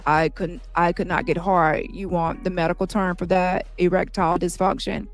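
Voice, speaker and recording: A woman reading the part of a man testifying in court, recounting events in a plain, halting way, with faint music behind. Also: fairly low pitch, level tone, lightly acted. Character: shaken male witness testifying at trial.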